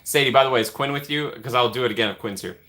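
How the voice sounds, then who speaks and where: A man's voice: mid-range voice, racing, sharp tone. A young man with a Midwestern American accent hosting a livestream, chatting playfully with viewers and greeting them by name. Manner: playful, chatty, reads and answers chat. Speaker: livestream host. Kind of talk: casual chat with live viewers.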